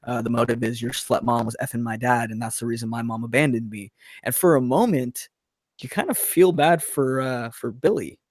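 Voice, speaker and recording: A man's voice: medium pitch, moderate pace, dry recording, studio quality. A man casually discussing a horror movie with friends on a podcast, acting out lines from scenes. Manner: animated, acts out movie lines. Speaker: podcast co-host.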